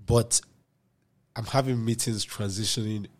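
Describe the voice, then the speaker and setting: A young man from Nigeria, a podcast guest telling a story in casual chat, swinging between loud outbursts and low muttered asides. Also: steady tone, a little slow.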